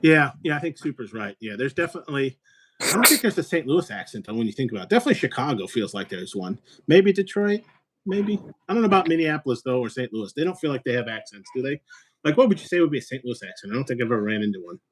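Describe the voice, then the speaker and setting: A man from Illinois chats at a rapid clip, rambling from one thought to the next and tossing in jokes. His voice sits at a middle pitch. A faint hiss runs under the recording. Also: big pitch swings, a bit bright. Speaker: host. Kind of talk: casual chat.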